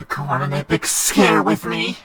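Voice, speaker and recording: A man's voice: on the high side, fairly even intonation, moderate pace, fairly bright tone, slightly rough, faint music behind. A man voicing a male serpent monster who speaks as a theatrical romantic suitor. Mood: courtly.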